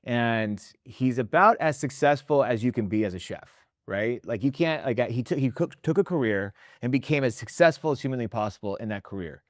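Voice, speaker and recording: A man's voice: mid-range voice, lively intonation, brisk, few pauses, no echo, studio quality. A man hosting a podcast in casual interview talk, emphatic and intense, often checking in with "right?" and swearing mildly for emphasis. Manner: blunt, drops mild swearing for emphasis. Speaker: podcast host and restaurant consultant.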